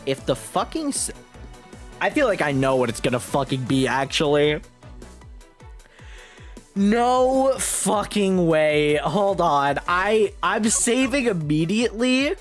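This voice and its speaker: A woman's voice: fairly low pitch, sing-song, unhurried, faint music behind. A woman streaming a video game live, chatting casually with her viewers, laughing often and swearing freely. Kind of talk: casual live-stream commentary while playing.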